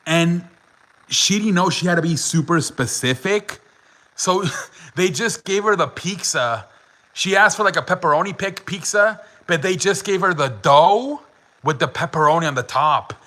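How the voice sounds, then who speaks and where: Young male host, bright forceful voice, slightly high pitch, laughing casual storyteller who swears and fills with "like". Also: animated, moderate pace, rough recording. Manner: laughing often, swearing, many "like" fillers. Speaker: podcast host.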